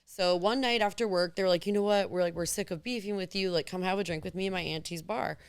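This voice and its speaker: A woman in her thirties, a podcast guest telling candid stories in an animated way, acting out the voices of others. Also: on the low side, fast talker, clean tone, dry recording. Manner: animated, acts out quoted voices. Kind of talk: candid storytelling.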